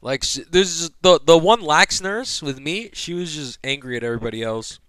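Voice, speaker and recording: A man's voice: fairly high pitch, moderate pace, smooth, no echo. Profane young man telling a wild story. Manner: profane, animated, acts out quotes. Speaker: podcast guest telling a hospital story. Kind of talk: casual storytelling chat.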